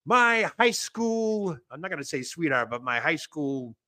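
A man with a Boston accent hosting a show, energetic and rambling as he chats and plugs events. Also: a little high, measured pace, dry recording. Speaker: podcast host. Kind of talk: casual show chat and plugs.

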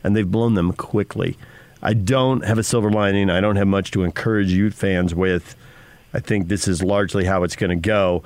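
A man's voice: fairly low pitch, normal speed, dry recording. A man hosting a sports radio show, wry and self-mocking in his questions. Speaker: radio host.

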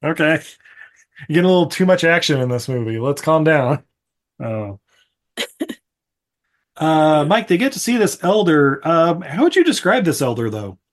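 A man's voice: on the high side, sing-song, moderate pace, long pauses. A man co-hosting a podcast, casually recapping a movie with frequent laughs and acted-out bits. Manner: rambling, laughs often, acts out scenes. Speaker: podcast co-host.

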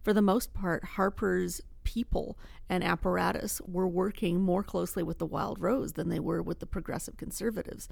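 Gravelly low-voiced woman columnist. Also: fairly even intonation, normal speed, darkish tone, no room sound. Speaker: city columnist. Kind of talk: panel discussion. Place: newsroom studio.

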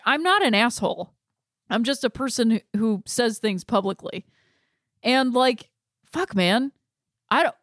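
A woman's voice: a little high, no echo, clean studio sound. Impassioned woman ranting casually. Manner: impassioned, swings between heated and quiet disgust; frequent fillers and self-interruptions. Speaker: podcast host.

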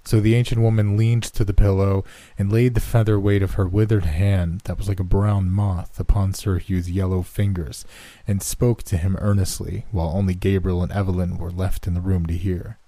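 A man narrating a horror story in a slow, measured way. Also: low-pitched, flat delivery, warm tone, no room sound.

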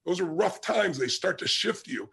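A man's voice: sits high, expressive, moderate pace, creaky, pushed and bright, husky. A middle-aged man giving an emphatic motivational talk to his audience, telling stories and punching key words. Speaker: motivational speaker.

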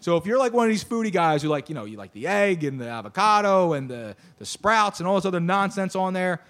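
A man's voice: high voice, very animated, fast, a bit bright. A male show host in casual chat, joking and teasing in a boisterous way. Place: studio.

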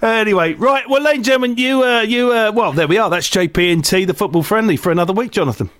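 A man's voice: sits high, quick pace, fairly bright tone, dry recording, studio quality. A man co-hosting a football podcast in casual chat, joking around and slipping into voices for his stories. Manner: jokey, puts on voices in anecdotes. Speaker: podcast co-host.

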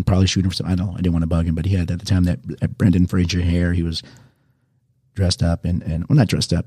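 A man's voice: low-pitched, warm tone, no echo, clean studio sound. A man in his forties from the Las Vegas area, a bartender telling casual, rambling anecdotes to viewers and correcting himself as he goes.

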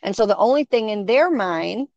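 A woman's voice: mid-range voice, normal speed, no echo. A middle-aged woman telling stories in a casual chat, acting out the voices of the people in them. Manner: animated, acts out quoted voices. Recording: dull, dry sound.

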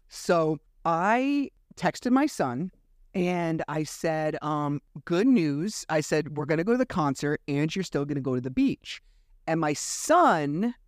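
A man's voice: on the high side, dry recording, studio quality. Man venting on his podcast. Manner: animated storytelling, acts out dialogue; frustrated, venting. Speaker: podcast host. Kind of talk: casual monologue.

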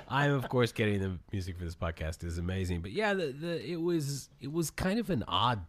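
A man's voice: medium pitch, animated, fairly quick. A man hosting a podcast, recapping a film in a rambling, casual way and laughing often.

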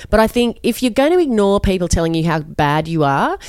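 A woman's voice: mid-range voice, sing-song, fairly quick, a little mellow, clear, resonant tone, no room sound, clean studio sound. A middle-aged woman, a journalist guest, talking frankly and bluntly in an interview, often restarting her sentences. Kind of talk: candid interview conversation.

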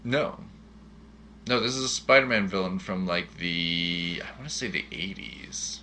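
Man, very bright voice, casual chat, animated and jokey, quick questions, faint background noise. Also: low voice. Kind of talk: casual chat about a movie.

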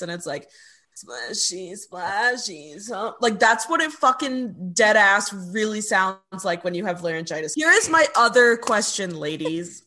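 Woman co-host, mid-pitched bright voice, talks through chords and theory in casual chat. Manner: analytical, explains music theory. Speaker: podcast co-host.

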